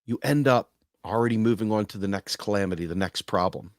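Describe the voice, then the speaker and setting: Male host, low voice, earnest casual monologue, dry close sound. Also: brisk, no room sound. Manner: earnest, acts out quoted voices. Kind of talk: casual direct-to-camera talk.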